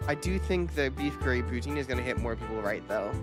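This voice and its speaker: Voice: mid-range voice, lively intonation. Profane, rambling vtuber over music. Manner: rambling, profane, quick reactions with laughter. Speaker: vtuber streamer. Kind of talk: casual live-stream chat. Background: background music.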